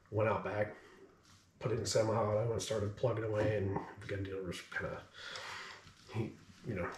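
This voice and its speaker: A low-voiced man with a drawl, a bit out of breath, rambling loosely with lots of ums and you-knows. He sounds set back from the mic in an echoey room, with a faint hiss underneath. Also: recorded from a distance. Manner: rambling, filler-heavy, laid-back. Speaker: gun reviewer. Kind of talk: casual talk to camera.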